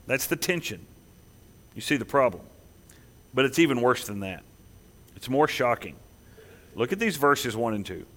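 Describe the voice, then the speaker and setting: A man preaching a sermon, emphatic, swinging between loud declarations and hushed asides. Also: mid-range voice, sing-song, moderate pace, long pauses. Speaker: pastor.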